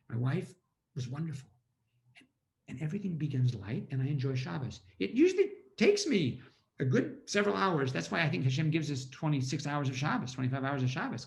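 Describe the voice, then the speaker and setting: A man giving an inspirational storytelling talk over a video call at a community holiday event, acting out his own past thoughts. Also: on the high side.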